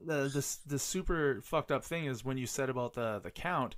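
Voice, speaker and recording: A man's voice: medium pitch, normal speed, dry recording, clean studio sound. A man co-hosting a podcast in casual chat, telling rambling stories full of swearing and filler words. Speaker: podcast co-host.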